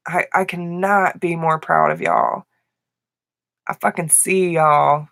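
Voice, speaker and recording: Woman, live tarot host, unhurried, warm-hearted and emotional, dry close mic. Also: on the low side, fairly even intonation, vocal fry, no room sound. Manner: affectionate, slow and emotional, laughs often. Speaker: tarot reader. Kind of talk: live-stream tarot reading.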